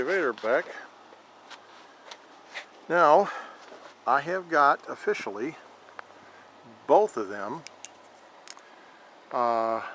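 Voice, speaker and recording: Slow, rambling man filming a how-to. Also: mid-range voice, fairly bright tone, slight background noise, rough recording. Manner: rambling, halting with many fillers. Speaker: vlogger showing a scooter horn install. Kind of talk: casual how-to vlog.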